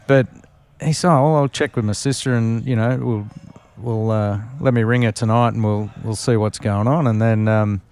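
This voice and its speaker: Brief: man, podcast guest, lower voice, rambling casual racing anecdotes full of ums. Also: steady tone, normal speed, hardly any pauses, a little mellow, clear, resonant tone. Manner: rambling anecdotes with many fillers and restarts. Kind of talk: casual storytelling interview.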